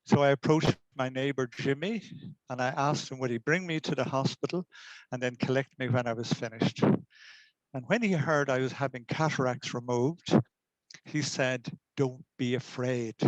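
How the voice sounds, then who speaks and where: An older man speaks in a measured, earnest storytelling way, with his voice sitting in a middling pitch. The sound is dry and close, with no room echo. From Ireland. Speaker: community education lecturer. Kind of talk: reflective talk to camera.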